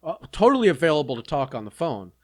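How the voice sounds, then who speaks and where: A man co-hosting a podcast, teasing his friend in casual chat and halting with many fillers. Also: fairly high pitch, sing-song, darkish tone, dry recording. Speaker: podcast co-host. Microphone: podcast mic.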